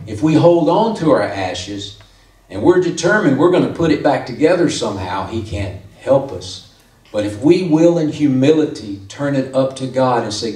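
Pastor type, male, plain middle pitch, conversational sermon delivery, picked up from a distance in a reverberant church. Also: moderate pace, a little mellow. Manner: conversational preaching, rising emphasis on key points. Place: church sanctuary. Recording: echoey room from far off.

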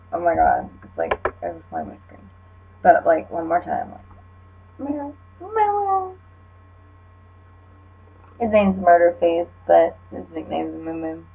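A woman's voice: lowish voice, vocal fry, slightly rough. A young woman, slightly tipsy, giving casual comedic commentary in a rambling, filler-heavy, wry way. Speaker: video creator. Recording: dull lo-fi recording with mains hum.

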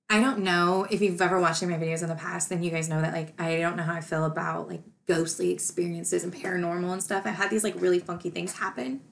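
A true crime YouTuber in her thirties talks emotionally to camera in a personal vlog, laughing through grief. Her voice is on the low side and gravelly.

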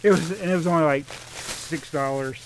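A man's voice: fairly high pitch, fairly even intonation, moderate pace, a little hiss or hum. A man venting about damaged packaging while unboxing toys, chatty and exasperated, reading viewer comments aloud. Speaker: toy collector vlogger. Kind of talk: casual unboxing rant.

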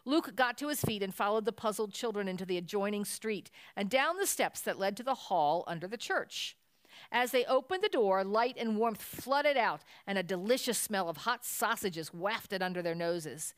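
A woman's voice: medium pitch, expressive, moderate pace, dry recording. A woman reading a children's Christmas story aloud at a church service, telling it expressively.

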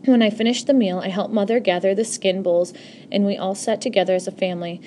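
A woman's voice: mid-range voice, fairly even intonation, fast, a little mellow, a little hiss or hum. Woman reading a novel aloud, self-correcting. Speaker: audiobook reader.

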